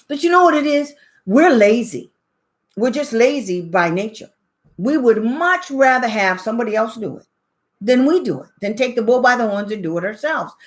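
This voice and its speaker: An older woman hosting her channel, talking casually from home in an emphatic, preachy way and laughing often. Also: mid-range voice. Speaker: channel host. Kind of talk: opinionated casual talk.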